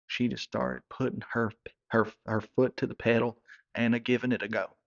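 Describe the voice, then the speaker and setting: Gravelly man spinning a tall tale. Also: mid-range voice, level tone, normal speed. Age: 30s. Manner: hillbilly drawl, stumbling repeats. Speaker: comedy character narrator. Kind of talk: rambling comic monologue in character. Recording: dull lo-fi recording.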